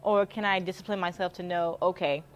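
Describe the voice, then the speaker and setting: A woman's voice: on the low side, steady tone, fairly quick, lo-fi sound. A young woman from the Houston area telling a story in casual chat, upbeat and chatty, laughing often and repeating herself. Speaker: interviewee in a live stream.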